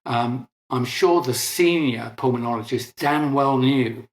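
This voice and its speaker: A man's voice: medium pitch, unhurried. An older British man explaining technical matters earnestly in an interview, often restarting words. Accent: British English. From Britain. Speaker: interviewed scientist. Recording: echoey room.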